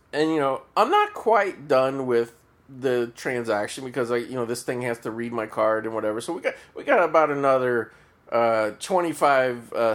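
Brief: man on a solo podcast, casual, rambling, swears freely, mid-pitched voice. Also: fairly bright tone. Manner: rambling, profane, lots of fillers and restarts. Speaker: podcast host.

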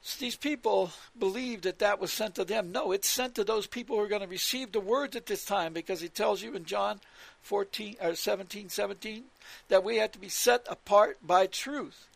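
A man's voice: sits high, moderate pace, gravelly, no room sound. A man preaching on scripture, repeating his points with emphasis and citing verses as he goes. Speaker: religious radio teacher.

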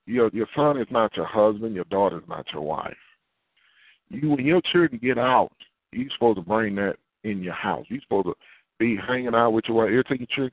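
A man preaching a sermon as a pastor, animated and acting out little dialogues, with repeated words. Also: fairly low pitch, moderate pace, no room sound. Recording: tinny phone-like line.

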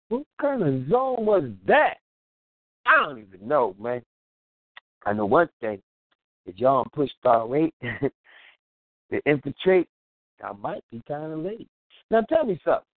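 Man, radio host, casual comedic monologue, laughing a lot, lively swooping pitch, tinny phone-line sound, dry. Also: gravelly, no room sound. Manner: laughs often, acts out scenes in quoted voices.

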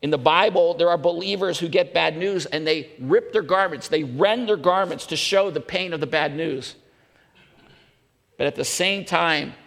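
A man's voice: on the high side, gravelly, fairly bright tone. A male pastor preaching a sermon with earnest emphasis, repeating questions. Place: church hall. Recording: echoey church hall.

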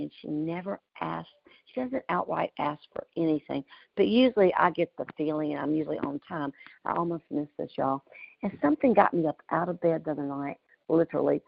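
A middle-aged woman with a drawl tells a heartfelt story in a folksy, emotional way. Her voice is gravelly and a little husky. It comes through dry, dull, lo-fi video call audio. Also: deep voice, dry recording. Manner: folksy, emotional, often laughing. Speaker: community call host.

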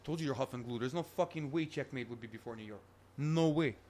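A man's voice: mid-range voice, a little hiss or hum. A man co-hosting a podcast, chatting casually about music, swearing a lot and talking over his partner. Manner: fast, profane, excitable, talks over his partner. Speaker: podcast co-host. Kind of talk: casual chat.

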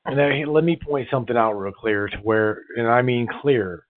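A man's voice: mid-range voice, moderate pace, no echo. A man hosting a casual interview, stopping often to clarify things and restarting his phrases. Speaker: podcast host. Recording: phone-like call audio.

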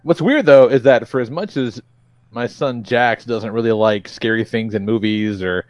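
A man's voice: mid-range voice, normal speed, dry recording. A man hosting a podcast in casual chat, loose and profane, laughing often. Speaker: podcast host.

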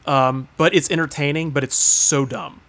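A man hosting a podcast, chatting casually about a movie, animated and mocking, acting out lines from it. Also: normal speed. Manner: animated, mocking, acts out quotes in a high voice. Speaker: podcast host.

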